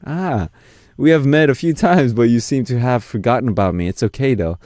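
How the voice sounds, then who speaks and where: A man's voice: on the low side, big pitch swings, normal speed, warm tone, no room sound, clean studio sound. A man hosting a radio music show, reading listener messages aloud and answering them with playful, teasing asides. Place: radio studio. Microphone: studio mic.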